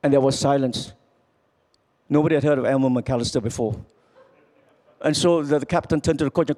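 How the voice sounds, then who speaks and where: A man preaching a sermon as pastor, swinging from loud calls to quiet, low lines. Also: fairly quick, long pauses.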